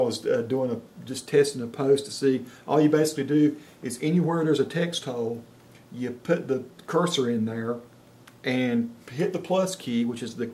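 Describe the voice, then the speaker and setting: A man with a Southern Appalachian accent and a mid-range voice dictates to software as a casual test. He reviews it in a plain, folksy manner, thinking aloud as he goes.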